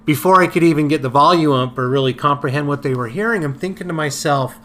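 A man telling a personal memory in a casual podcast chat, halting with many fillers and restarts. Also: a little high, a bit bright, a little hiss or hum. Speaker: podcast co-host. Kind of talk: casual conversational storytelling.

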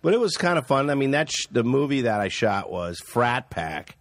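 Animated man telling a story, laughing. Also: mid-range voice, normal speed, no room sound. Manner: animated storyteller, laughs often, swears freely. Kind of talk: casual storytelling chat.

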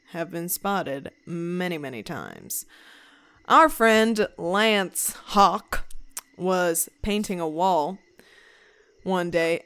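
A woman's voice: lowish voice, smooth. A woman co-hosting a podcast, chatting casually and telling a ghost story, sometimes putting on accents. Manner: animated storyteller, puts on accents. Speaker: podcast co-host.

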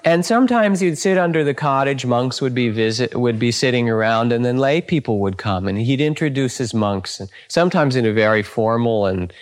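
A man's voice: mid-range voice, animated, a little fast, hardly any pauses. An older man, a meditation teacher, telling anecdotes in a dharma talk, often chuckling and saying "you know".

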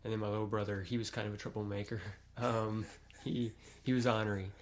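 A man from Kentucky with a low voice and a fairly flat delivery chats in an easygoing way. His talk is full of filler phrases. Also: fast, slight background noise. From Kentucky, USA. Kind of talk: casual conversation.

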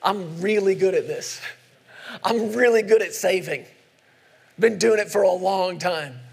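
Man preaching as grace speaking, a high-voiced, self-assured male helper, sermon illustration. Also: measured pace, creaky, breathy edge, heavily acted. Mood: confident.

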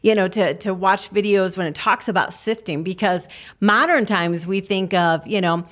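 A woman's voice: mid-range voice, moderate pace, fairly bright tone. A woman co-hosting a broadcast program, chatting casually and telling a story. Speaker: co-host. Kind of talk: casual chat.

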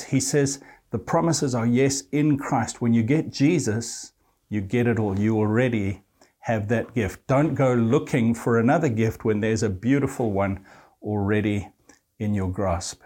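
A man preaching a sermon, speaking directly to his listeners and quoting scripture, slowing down and lifting his pitch on key phrases. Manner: warm pastoral address to listeners, quoting scripture.

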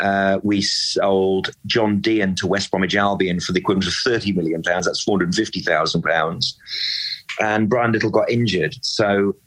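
A man with a very low, husky voice holds forth with real passion, driving his points home and circling back for emphasis. He sounds like a lifelong fan arguing his case in a relaxed discussion. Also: moderate pace, low-quality recording. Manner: animated, emphatic, repeats words when worked up. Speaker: football pundit and club fan. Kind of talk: impassioned casual discussion.

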